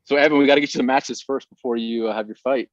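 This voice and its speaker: Host guy asking his guests stuff, mid-low voice, kinda muffled lo-fi audio. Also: fairly even intonation, fast, no room sound. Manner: upbeat, asks questions. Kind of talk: casual chat, steering the talk. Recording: dull, slightly lo-fi audio.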